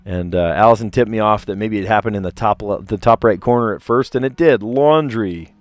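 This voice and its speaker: A man's voice: lowish voice, fairly quick, soft background music. A man from South Jersey with a light South Jersey accent, casually chatting and rambling on a live stream, often cutting himself off mid-sentence. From South Jersey, USA. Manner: rambling, self-interrupting, chatty. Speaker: puzzle streamer host.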